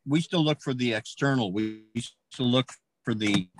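A man's voice: mid-range voice, moderate pace, dry recording. A man hosting a conversational interview, responding in an affirming, preacherly way.

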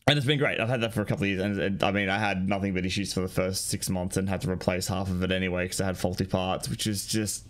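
A man's voice: deep voice, fairly even intonation, fast talker, hardly any pauses. A man in casual chat, rambling and swearing casually, mocking himself with a laugh.

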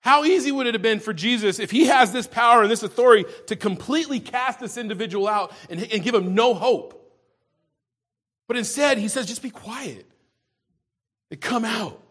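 A man's voice: very high-pitched, a little fast, a bit bright. A man preaching a sermon in a conversational way, often restarting and repeating words as he goes. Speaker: pastor.

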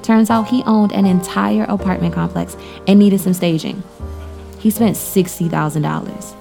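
A woman's voice: mid-range voice, fairly even intonation, normal speed, creaky, warm tone, faint music behind, close to an everyday voice. An actress playing an outspoken young woman interior designer, blunt and profane. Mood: indignant. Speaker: Denise.

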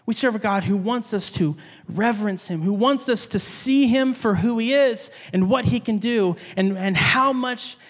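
High-voiced man preaching in a reverberant hall. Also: moderate pace. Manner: animated storytelling, acts out voices. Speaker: pastor. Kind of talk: sermon. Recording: long reverb of a large hall.

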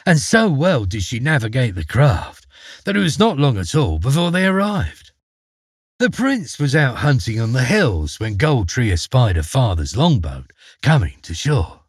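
A man narrating a fairy tale with dramatic, expressive delivery. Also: medium pitch, measured pace, husky, no echo, clean studio sound. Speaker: storyteller. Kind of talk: storybook narration.

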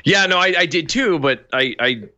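A man's voice: fairly high pitch, moderate pace, dry recording, lo-fi sound. A man co-hosting a show in casual, jokey banter, plugging the show and riffing. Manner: animated, jokey, plugs the show. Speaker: podcast co-host.

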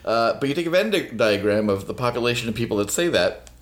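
A fast-talking man with an animated, mid-range voice delivers opinionated takes on a talk podcast. He's sardonic, mocking a phrase in sing-song, and he hesitates with fillers while wandering into long digressions.

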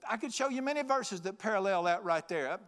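A man's voice: high-pitched, animated, a little fast, fairly bright tone, clean tone. A man preaching a folksy, joking, emphatic sermon. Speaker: pastor.

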